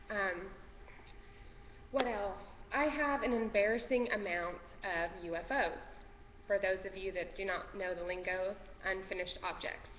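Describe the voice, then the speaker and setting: A woman hosting a casual craft podcast from home, nervous and rambling, easily sidetracked. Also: mid-range voice. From Texas. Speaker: podcast host. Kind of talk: casual craft vlog chat. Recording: dull lo-fi sound with long reverb and faint noise.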